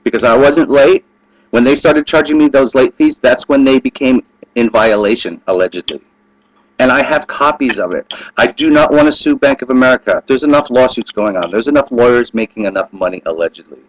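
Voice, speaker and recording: A man's voice: mid-range voice, fairly quick, dry recording, rough recording. Vlogger, male, Southern US accent, emphatic, dry close webcam sound. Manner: emphatic, keeps adding "allegedly". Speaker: vlogger recording his own phone calls. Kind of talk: webcam vlog.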